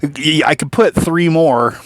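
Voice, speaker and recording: A man's voice: on the high side, takes it slowly, no echo, clean studio sound. A man casually walking through a PC he built, rambling, restarting his sentences and swearing now and then. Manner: rambling, filler-heavy, frequent restarts and mild swearing. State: has the hiccups. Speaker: PC builder showing his own build. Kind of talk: casual hands-on build walkthrough.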